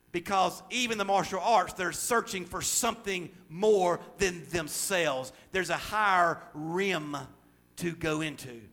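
A middle-aged man preaching a sermon, swinging between loud emphatic stretches and quiet, confiding asides. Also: sits high.

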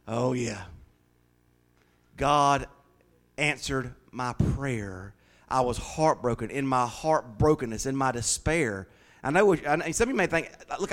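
A man preaching a sermon as pastor, swinging from loud, rising declarations to hushed, confiding stories. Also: medium pitch.

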